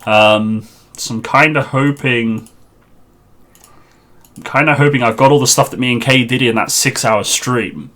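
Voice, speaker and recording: A man chats through a live game stream on a headset mic, his voice bright and forceful. He mutters along to himself as he fiddles with the setup, half to the viewers and half to the screen. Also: mid-range voice, unhurried, long pauses. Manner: chatty, muttering to himself while sorting out a server.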